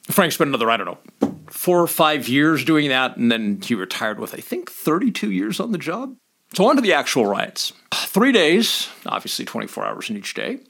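A middle-aged former cop tells stories in a blunt, animated voice that swings up and down a lot. He sits a little higher than most men, swears freely and now and then acts out shouted commands. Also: normal speed, creaky. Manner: blunt, swears freely, laughs between points. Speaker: former police officer. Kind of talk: casual storytelling monologue.

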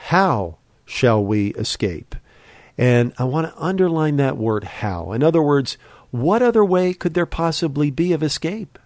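A man's voice: medium pitch, a little mellow, no room sound. Brief: male podcast preacher, earnest and exhorting, shifts pace for emphasis, dry close recording. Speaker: podcast Bible teacher. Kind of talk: podcast sermon.

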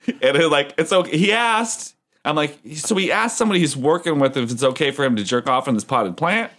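A man's voice: on the high side, lively intonation, fairly quick, fairly bright tone. A man hosting a casual podcast, telling rambling joking anecdotes.

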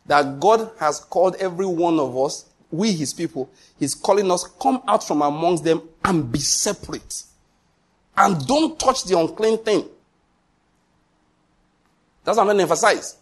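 Husky, emphatic male preacher. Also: a little high, normal speed, hardly any pauses. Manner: emphatic preaching with repetition and rhetorical questions. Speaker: pastor. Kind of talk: sermon.

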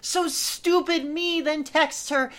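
A woman's voice: sits high, fairly even intonation, slow pace, a crowd in the background. Woman reading a post aloud. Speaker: host reading a story aloud.

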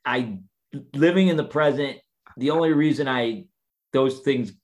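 A man's voice: mid-range voice, unhurried. A man in his fifties, a guest in a casual interview, talking in a reflective, hesitant way with many restarts.

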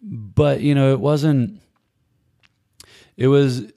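A man's voice: mid-range voice, very slow, creaky, warm tone, no room sound, clean studio sound. A man in his forties recalling his past, telling it in a meandering, reflective way with many restarts. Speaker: guest recalling Peace Corps service. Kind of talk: casual conversational storytelling.

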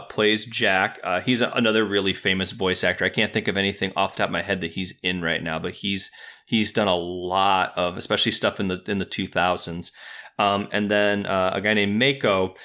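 A man's voice: fairly low pitch, bright, forceful tone. A man in his thirties hosting a podcast, chatting casually and rambling with lots of fillers. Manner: rambling, many fillers and restarts. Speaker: podcast host. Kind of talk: casual chat.

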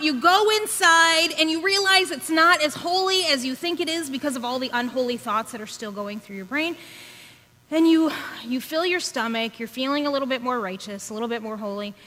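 A woman podcast host preaching a sermon, telling an animated story and acting out her children's voices. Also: high-pitched, normal speed. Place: church sanctuary. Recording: long reverb of a church hall.

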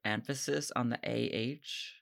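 A man's voice: mid-range voice, steady tone, measured pace, vocal fry, a bit bright. A man in his thirties from Maine hosting a podcast, chatty and self-deprecating in casual conversation. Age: 30s. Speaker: podcast host. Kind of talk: casual chat.

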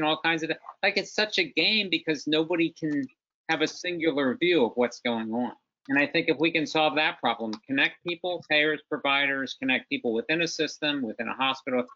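Man, panel guest, bright tense voice, animated, lo-fi sound. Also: fairly high pitch. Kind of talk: webinar discussion.

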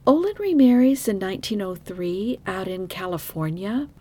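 A woman's voice: medium pitch, expressive, moderate pace, few pauses, mellow. A woman hosting a true crime podcast, telling the case in a frank, opinionated, conversational way with asides to her listeners. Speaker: podcast host.

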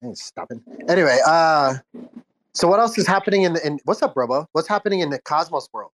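A man's voice: a little high, lively intonation, fast, no room sound. A man in his thirties hosting a casual chat, telling a rambling story with restarts and laughs, a bit under the weather. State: unwell with a cold. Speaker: host. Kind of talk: casual chat on a live audio space.

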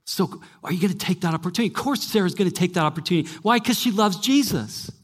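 With a high, breathy voice and lively intonation, a fast-talking pastor who used to teach college preaches to young adults at a live church gathering. His storytelling is emphatic, punctuated by frequent calls to "listen."

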